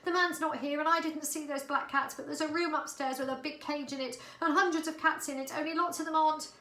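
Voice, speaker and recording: A woman's voice: high-pitched, steady tone, a little fast, bright, forceful tone, reverberant, voice pushed up. A woman voicing a tough, streetwise young female cat who talks urgently and bluntly. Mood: shaken.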